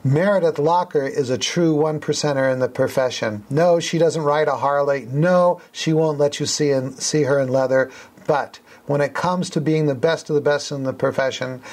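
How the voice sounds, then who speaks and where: A man co-hosting a podcast in a casual, playful, joking way, recorded at a hypnosis center. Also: mid-range voice. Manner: jokey, playful, animated.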